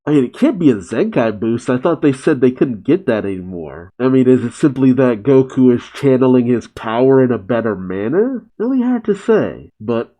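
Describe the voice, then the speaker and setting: A man's voice: mid-range voice, very animated, moderate pace, few pauses, dark tone. A man casually recapping a comic chapter and reacting, laughing often.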